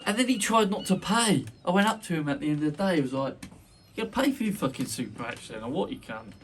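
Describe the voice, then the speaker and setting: A man's voice: on the high side, lively intonation, fast. A man hosting a casual podcast chat, boisterous, joking and sweary. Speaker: podcast host. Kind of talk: casual banter. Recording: distant mic with faint noise.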